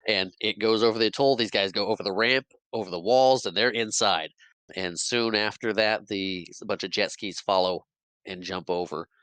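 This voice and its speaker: A podcast host retells a film's plot in a casual chat, laughing as he acts out the characters' lines. His lowish voice is clear, resonant, and fairly bright. There's no echo, but the recording is rough.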